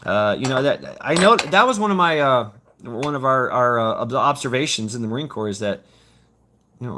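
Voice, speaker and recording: A man in his fifties hosts a loose, casual livestream, talking straight to his viewers. His voice is bright and forward, with a middling pitch. He rambles, swears often and trips over repeated words as he works his way through a thought. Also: animated, normal speed. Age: 50s. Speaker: livestream host reading chat.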